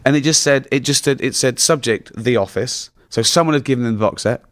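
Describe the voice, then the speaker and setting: A man's voice: medium pitch, fairly quick, dry recording. A middle-aged English man spins loose, rambling anecdotes, stopping and restarting and breaking into laughter at his own jokes. His voice sits in an ordinary middle register and sounds close and dry, with little room around it. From England. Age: 40s. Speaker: comedian guest. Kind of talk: casual anecdotal interview talk.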